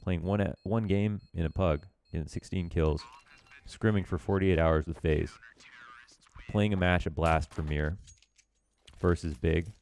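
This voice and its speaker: A man with a low, darkish voice coaches viewers through a recorded match. He's an esports coach giving casual commentary on a demo. His talk is loose and full of filler words, with some self-mocking asides.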